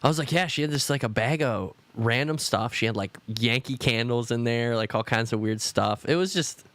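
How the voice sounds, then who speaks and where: Guy cohosting a podcast, rambly storyteller, mid pitch, dry sound. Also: moderate pace, a bit bright, no room sound. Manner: rambling storyteller, swears often, acts out quotes. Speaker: podcast co-host. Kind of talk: casual chat.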